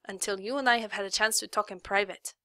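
A woman voicing a short, fiercely protective female lawyer with a Mexican accent, speaking loudly and indignantly. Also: medium pitch, steady tone, quick pace, dry recording, clean studio sound, lightly acted. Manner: loud, indignant, sharp.

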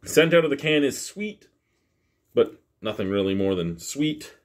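A man's voice: mid-range voice, sing-song, a little slow. A man casually reviewing a beer to camera at home, joking and rambling in a self-deprecating way. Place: home basement.

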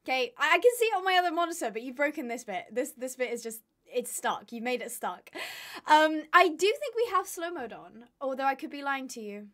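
Tired, chatty woman, high voice. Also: lively intonation, a little fast, a bit bright. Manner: chatty, rambling, laughs often. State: tired, voice going. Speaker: streamer. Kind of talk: casual live-stream chat.

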